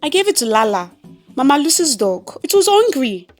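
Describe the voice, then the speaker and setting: A woman voicing a bumbling, nagging but soft-hearted husband who talks loudly and defensively. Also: sits high, big pitch swings, moderate pace, faint music behind, pitched above the performer's own voice.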